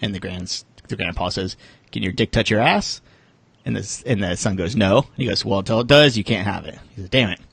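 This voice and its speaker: A man's voice: lowish voice, fast talker, vocal fry, few pauses, a bit bright, husky, dry recording. A man co-hosting a fantasy football podcast, telling jokes and chatting loosely. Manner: joking, loose storytelling. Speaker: podcast co-host. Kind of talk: casual podcast banter.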